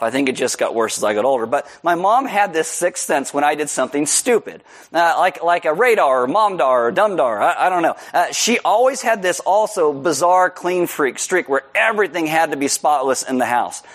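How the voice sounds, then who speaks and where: Animated joking male pastor, high voice. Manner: animated, acts out quotes with loud high shouts; joking, self-deprecating. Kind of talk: sermon with storytelling.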